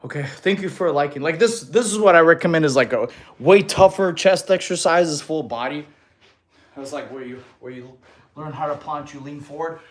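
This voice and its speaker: Chatty man in his thirties, bit high. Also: normal speed. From Russia. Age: 30s. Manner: chatty, reads out and answers viewer comments. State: out of breath after exercise. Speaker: fitness streamer. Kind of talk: casual livestream chat.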